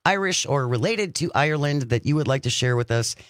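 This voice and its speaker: A man's voice: mid-range voice, lively intonation, fairly bright tone, no echo. A man hosting a radio talk show, chatting casually and upbeat in the studio. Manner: upbeat, chatty, reads phone number slowly. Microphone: studio microphone.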